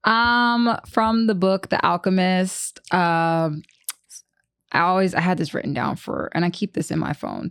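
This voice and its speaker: A woman co-hosting a casual podcast chat, her voice sitting on the lower side. She talks in animated bursts, full of restarts and laughing asides, recorded close and dry. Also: a little slow, clean tone, no room sound. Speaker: podcast co-host.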